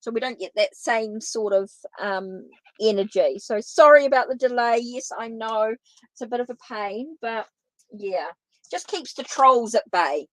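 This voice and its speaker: A woman's voice: fairly high pitch, a little slow, a bit bright, dry recording, rough recording. A woman from New Zealand with a Kiwi accent, giving tarot readings on a live stream in a chatty way that repeats itself and answers viewers. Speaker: tarot reader.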